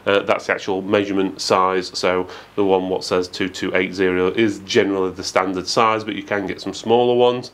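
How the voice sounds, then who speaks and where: A man's voice: deep voice, little pitch movement, moderate pace, few pauses. A man giving a methodical, matter-of-fact product review with frequent fillers. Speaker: tech reviewer.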